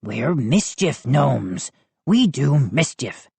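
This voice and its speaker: A woman doing Hap, a raspy soft-spoken gnome. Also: a bass voice, very animated, slow, dry recording, full character voice. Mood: pleading. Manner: quiet, earnest pleading.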